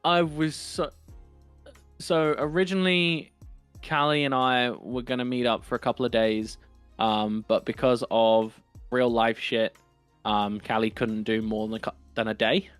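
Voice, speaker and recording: A man's voice: medium pitch, fairly even intonation, a little slow, fairly bright tone, smooth, no room sound, faint music behind. A young man from London with an East End accent, chatting casually on a podcast in a rambling, profane way with lots of ums and restarts. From England. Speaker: podcast co-host. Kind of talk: casual chat.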